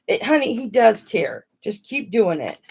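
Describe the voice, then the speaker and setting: A woman's voice: mid-range voice, big pitch swings, measured pace, vocal fry, slight background noise. A middle-aged woman hosting a casual live stream, talking frankly and motherly to her viewers and swearing freely.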